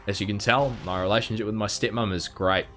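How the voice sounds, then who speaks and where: A man's voice: lowish voice, fairly even intonation, fast talker, fairly bright tone, soft background music. Rambling young man streaming a game. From New Zealand. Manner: rambling, self-mocking, lots of restarts. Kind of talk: casual gameplay chat.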